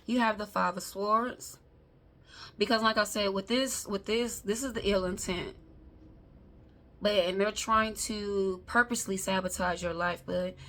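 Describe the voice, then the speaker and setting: Speaking in a medium-pitched, fairly bright voice, a woman delivers a casual tarot reading straight to camera, chatty and emphatic, calling her viewers y'all. There's faint noise in the background.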